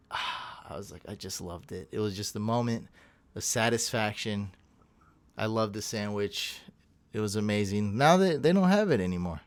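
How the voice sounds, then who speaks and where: A young man co-hosting a podcast, chatting casually and telling an animated story full of tangents and laughs. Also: on the low side, moderate pace. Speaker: podcast co-host. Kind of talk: casual chat.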